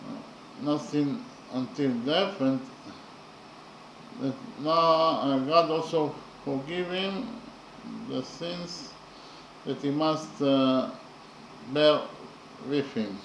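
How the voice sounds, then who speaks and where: A man explains a poem in a slow, careful lesson. He pauses often and spells out letters one at a time. His voice is fairly high, and the recording sounds roomy, with faint background noise. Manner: halting and deliberate, with frequent pauses and "uh".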